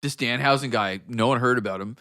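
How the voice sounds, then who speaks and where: A man co-hosting a comedy podcast, telling stories with lively acted-out quotes. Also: medium pitch, brisk. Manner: animated storyteller, acts out quoted voices. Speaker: podcast co-host. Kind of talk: casual comedic chat.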